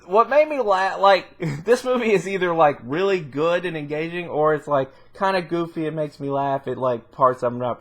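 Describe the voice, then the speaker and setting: Rambling man with a slightly high voice, casual film-review vlog delivery, lots of fillers and laughs. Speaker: movie reviewer.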